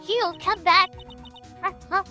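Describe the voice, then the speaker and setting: A shrill huffing old woman. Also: steady tone, slow, faint music behind, exaggerated voice. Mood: huffing, ranting. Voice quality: shrill, gasping between words. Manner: shouting threats, huffing.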